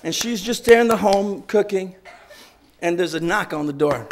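A male preacher retells a story with animated, conversational energy. His voice sits high for a man. He delivers it as a storytelling sermon. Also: normal speed, a little hiss or hum. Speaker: guest preacher.

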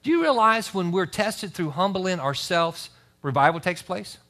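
Male pastor preaching a church sermon; bright, high, very lively voice with scripture readings and asides. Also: normal speed. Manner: animated preaching, reads scripture aloud with asides. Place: church service.

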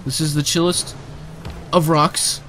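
A man giving casual live commentary over his own gameplay, excitable and quick to burst into shouts and repeated cheers, speaking close to a desk microphone. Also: a little high, a little hiss or hum. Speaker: gamer and video creator. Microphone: desk microphone, sitting close.

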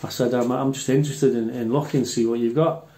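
Older bloke, swears a lot, rambles thru old army stories, mellow voice, echoey room. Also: male voice, mid-range voice, fairly even intonation, a little fast. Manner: blunt, sweary, rambling anecdotes. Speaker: airgun channel host. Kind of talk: casual storytelling. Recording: roomy echo.

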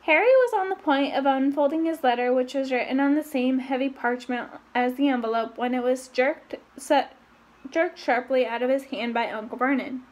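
A woman casually reading a novel aloud, breaking off for her own asides and lifting her voice for the characters' lines. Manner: reads quickly with asides, raising pitch for quoted voices. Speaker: reader.

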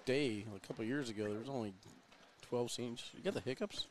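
A man doing relaxed, teasing color commentary on a cornhole match. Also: medium pitch, a little fast, a little hiss or hum. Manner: relaxed, teasing, laughs easily. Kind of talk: casual sports commentary.

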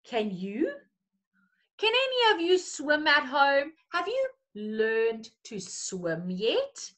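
Very high-pitched, lively teacher. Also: female voice, slow pace. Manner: animated, playful, coaxing. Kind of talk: reading a picture story to young children.

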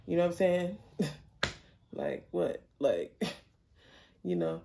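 A young woman tells a story straight to the camera, blunt and animated, with plenty of swearing. Her voice is low, dark and gravelly, and a faint hiss sits under it. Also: takes it slowly. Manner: animated, blunt, swears freely, laughs often. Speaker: storyteller vlogger. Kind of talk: casual storytime monologue.

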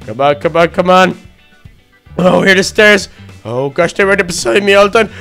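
A man narrating a game roleplay in an excitable, fretful way, full of exclamations. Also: high-pitched, normal speed, creaky, soft background music.

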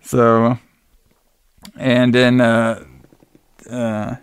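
A man's voice: mid-range voice, completely flat delivery, very slow, clear, resonant tone, no echo. A man co-hosting a podcast, loosely and crudely retelling a film's plot. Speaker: podcast co-host. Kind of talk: casual movie recap.

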